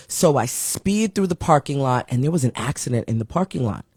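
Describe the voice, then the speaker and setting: A woman talk show host telling a comic story in a casual, animated way. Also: fairly quick, breathy edge, no echo, studio quality, faint music behind. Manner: animated, comic storytelling with big pitch swings.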